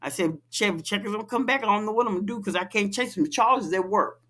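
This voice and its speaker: A woman co-hosting a casual podcast, telling a story in a lively, profane, laughing way. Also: mid-range voice, fast. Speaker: podcast co-host.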